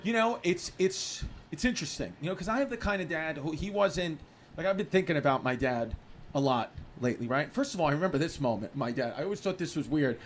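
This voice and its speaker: High-voiced New comedian ranting. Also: male voice, fast. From New York City. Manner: animated, exasperated ranting with bursts of laughter. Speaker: stand-up comedian. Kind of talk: stand-up comedy set. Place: comedy club stage with a live audience. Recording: live club recording with room noise.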